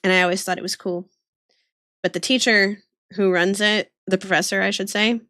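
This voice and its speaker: A woman's voice: mid-range voice, steady tone, normal speed, pushed and bright, no room sound, clean studio sound. A young woman streamer chatting casually while she draws. She rambles, giggles often and reads chat aloud. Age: young adult.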